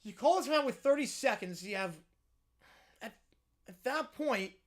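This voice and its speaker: High, lively man yelling at a game. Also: measured pace. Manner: excitable, yells at the screen, then chats with viewers. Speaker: streamer doing live play-by-play. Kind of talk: live play-by-play and reaction stream.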